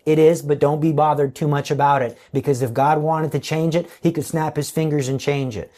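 A man's voice: medium pitch, a little mellow. Earnest man giving a spiritual talk. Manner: earnest, emphatic, acts out quoted voices. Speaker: preacher. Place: online talk.

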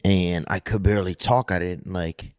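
A man with a very deep voice speaks in a relaxed, plainspoken way during casual podcast chat. The sound is dry and close. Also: normal speed, smooth, no room sound.

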